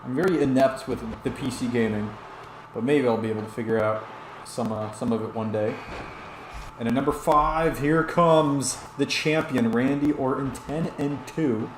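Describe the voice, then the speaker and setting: Guy a bit drunk doing chatty play-by-play for a wrestling game stream, mid pitch, echoey room. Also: moderate pace, a little hiss or hum. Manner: rambling, chatty, talks back to chat comments. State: tipsy. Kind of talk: play-by-play commentary on a video game while reading chat.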